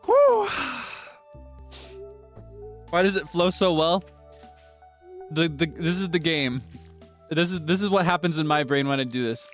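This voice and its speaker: A man's voice: fairly high pitch, normal speed, long pauses, faint music behind. A man casually chatting to his viewers while streaming a game, talking straight to them and breathless from laughing fits. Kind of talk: casual gameplay stream chat.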